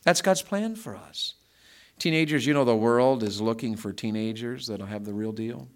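A middle-aged man preaching a conversational sermon, telling stories and swinging from hushed asides to loud emphatic build-ups, often repeating words. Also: mid-range voice, normal speed.

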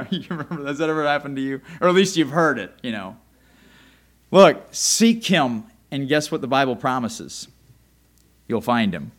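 A man preaching a sermon, swinging from quiet, low asides to loud emphatic calls, joking and putting rhetorical questions to the congregation. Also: animated, normal speed. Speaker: pastor.

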